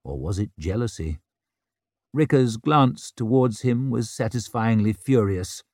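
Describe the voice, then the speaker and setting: A man narrating an audiobook in an expressive, wry storytelling manner. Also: fairly low pitch, unhurried, dry recording, studio quality. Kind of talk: scripted narration.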